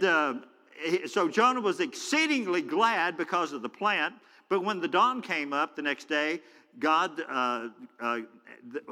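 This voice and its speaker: A man preaching a sermon as a pastor, acting out quoted voices with big swings in pitch and loudness. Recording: hall reverb.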